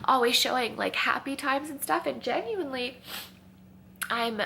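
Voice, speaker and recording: At home in the kitchen, a young woman has a casual, rambling, confessional chat with her camera, sounding exhausted and tearful with sniffles. She sits high in pitch at a moderate pace, her voice creaky, pushed, and bright, with a little hiss or hum in the recording.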